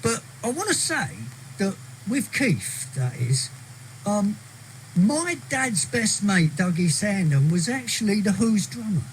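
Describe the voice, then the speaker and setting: A man with an English accent telling a lively anecdote as a radio guest in a studio. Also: high voice, takes it slowly, a little hiss or hum, rough recording. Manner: chatty, animated, acts out quoted voices. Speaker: storyteller guest. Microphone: studio mic.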